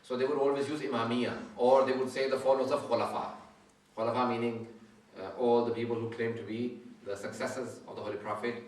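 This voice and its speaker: A male scholar lecturing a live audience in a very echoey hall, recorded from a distance. He explains point by point, pausing to ask whether everyone is following. His voice sits at an ordinary middle pitch. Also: fairly even intonation, darkish tone. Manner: explanatory, checks audience understanding often; says he usually speaks very fast. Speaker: Islamic scholar giving a lecture. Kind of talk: religious lecture with audience questions. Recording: echoey hall, mic far off.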